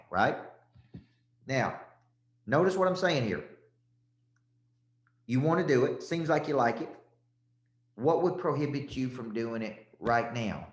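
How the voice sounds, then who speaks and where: A man's voice: mid-range voice, animated, measured pace, pauses often, reverberant. A man with a Southern accent, a sales coach giving a punchy, repetitive motivational talk and calling out listeners by name.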